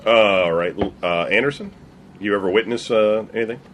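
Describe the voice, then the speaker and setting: A man's voice: lowish voice, normal speed, a little hiss or hum. A man hosting a casual podcast round, calling on others by name and teasing them. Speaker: podcast host moderating the round. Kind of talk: casual group chat.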